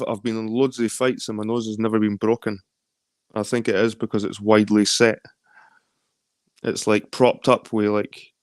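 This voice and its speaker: A man's voice: fairly low pitch, no room sound, clean studio sound. A man with a Scottish accent in a rambling, casual late-night chat, swearing freely. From London. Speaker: chat guest.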